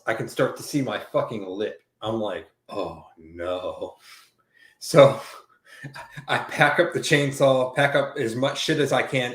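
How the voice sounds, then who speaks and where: A man spins a rambling, swear-filled story in loose, casual talk. His voice sits at an ordinary middle pitch and bounces off the walls of an echoey room. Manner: profane, rambling, animated retelling with quoted dialogue. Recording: roomy echo.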